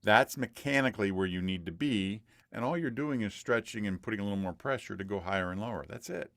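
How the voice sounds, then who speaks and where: A man's voice: lowish voice, fast talker, fairly bright tone, no echo, clean studio sound. A man coaching a student through a one-on-one voice lesson, patient and demonstrative, repeating points for emphasis.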